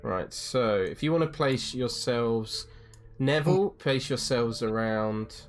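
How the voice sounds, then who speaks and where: A man's voice: medium pitch, slow, soft background music. Man running a tabletop game. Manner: relaxed, explains rules and asks for checks. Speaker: dungeon master.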